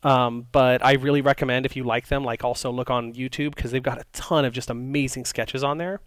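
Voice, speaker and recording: On a dry recording, a podcast co-host with a medium-pitched, fairly even voice talks fairly quickly in a casual chat, wandering off track and frequently using fillers and restarts.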